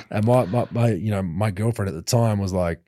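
A man in his thirties, a podcast host who played pro basketball, telling lively anecdotes with many restarts and laughs. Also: fairly low pitch, dry recording, clean studio sound. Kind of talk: casual storytelling chat.

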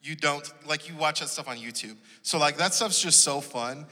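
A man's voice: on the high side, normal speed, pushed and bright, in a large hall. A man chatting casually on a church podcast, joking and easygoing.

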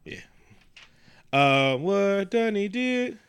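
A man's voice: sits high, expressive, drawn-out words, clear, resonant tone. A man co-hosting a casual comedic podcast chat, rambling and profane, riffing with mocking impressions. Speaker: podcast co-host.

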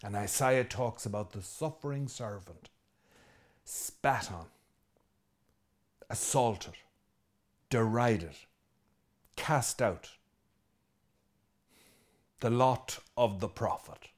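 Irish priest preaching a lively sermon. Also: male voice, lowish voice, extremely slow, pauses often. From Ireland. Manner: lively and conversational, with asides and jokes; emphatic, repeating key phrases.

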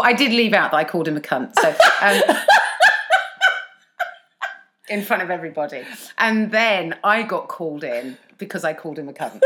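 Lively woman telling stories. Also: on the low side, a little hiss or hum. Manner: animated storytelling, frequent laughter. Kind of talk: casual chat.

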